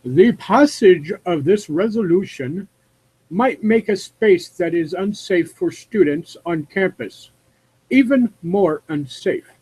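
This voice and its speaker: A man's voice: sits high, expressive, slow pace, dark tone, breathy edge, heavily acted, low-quality recording. A man reading a campus official's statement in a put-on mocking accent.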